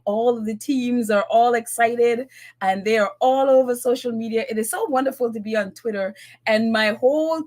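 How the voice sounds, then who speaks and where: A woman hosting a casual live-stream show, chatty and laughing often, a little out of breath. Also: a little high. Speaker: podcast host.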